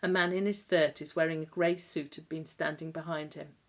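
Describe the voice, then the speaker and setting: A woman narrating a novel aloud in a measured, calm storytelling manner. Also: low-pitched. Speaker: audiobook narrator. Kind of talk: scripted narration.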